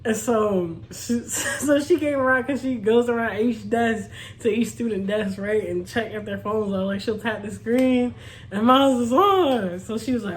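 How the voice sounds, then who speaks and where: A woman's voice: mid-range voice, measured pace, a little hiss or hum. A young woman chatting casually to her viewers, laughing often and calling them y'all. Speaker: vlogger. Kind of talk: casual storytime chat.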